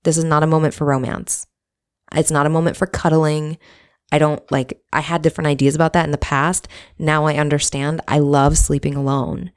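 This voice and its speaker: A woman's voice: low voice, little pitch movement, brisk, clean tone. A woman candidly telling a personal story in a reflective, casual monologue, swearing now and then.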